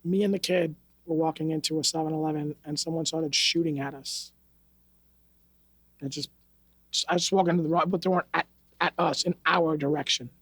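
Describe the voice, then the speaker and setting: A man's voice: on the high side, steady tone, brisk, fairly bright tone, no room sound. A man from New York, a martial arts instructor, telling stories on a podcast in a blunt, profane, streetwise way. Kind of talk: casual interview storytelling. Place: podcast studio.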